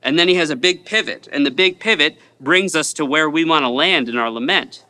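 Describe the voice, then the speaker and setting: A male pastor delivers a sermon in a somewhat high, bright and forceful voice. He speaks earnestly, stacking repeated phrases to drive each point home. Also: a little fast.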